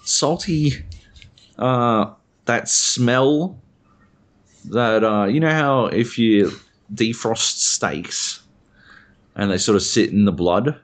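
A man's voice: mid-range voice, takes it slowly, pauses often. A young Australian man, a podcast co-host, rambling through a casual chat and swearing freely.

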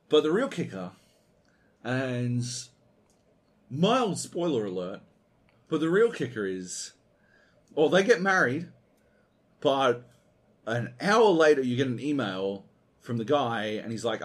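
Animated, exasperated man ranting. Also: a little high, a little slow. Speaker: podcast co-host. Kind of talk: casual ranting game review.

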